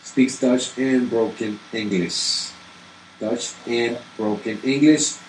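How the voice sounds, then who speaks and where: A man's voice: mid-range voice, steady tone, slow pace. A man reading colonial muster rolls aloud and challenging viewers with rhetorical questions. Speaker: genealogy video host. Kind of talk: reading records aloud with commentary. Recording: echoey room with faint air-conditioning hum.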